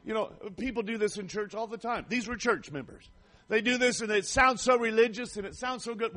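A man preaching a fervent sermon, reading scripture and rising to shouts of praise. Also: very high voice, normal speed.

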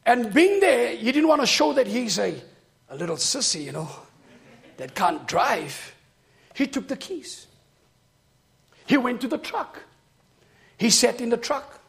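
A man preaching a sermon. He tells a story and then builds to shouted, rhythmic preaching. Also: extremely high pitch, sing-song, a little slow, creaky, pauses often.

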